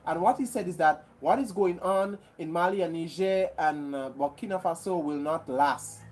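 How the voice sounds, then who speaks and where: A woman from Grenada hosts a live chat, answering viewer comments. Her voice sits fairly low and sounds mellow. She talks earnestly, restarting and repeating herself as she goes. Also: moderate pace, slight background noise. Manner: earnest, repetitive, with many restarts. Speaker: livestream host.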